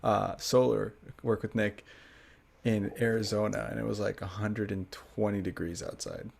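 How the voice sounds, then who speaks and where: A man's voice: lowish voice, flat delivery, normal speed, gravelly. A young man in casual podcast chat, speaking emphatically and saying "dude" and "man" a lot.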